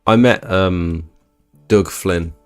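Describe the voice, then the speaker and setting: A young man hosting a live stream, reading chat and chatting in a laid-back, low-energy way. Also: drawn-out words, smooth, no echo, soft background music. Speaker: livestream host reading chat.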